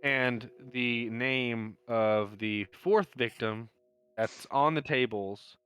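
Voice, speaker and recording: A man running a tabletop game as game master, explaining details in a relaxed, slightly scattered way. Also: mid-range voice, takes it slowly, clear, resonant tone, no room sound.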